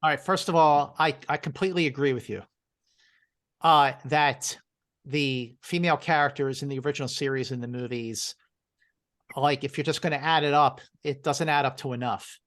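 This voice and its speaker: A man's voice: mid-range voice, fairly bright tone. A man appearing as a podcast guest, making his points emphatically in casual chat. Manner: emphatic, measured arguing.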